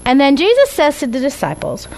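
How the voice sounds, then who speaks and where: A woman's voice: high-pitched, huge pitch swings, brisk, gravelly, darkish tone, slight background noise, poor audio. A woman teaching a Bible study class with slides, talking conversationally and often checking in with "right?" and "okay?".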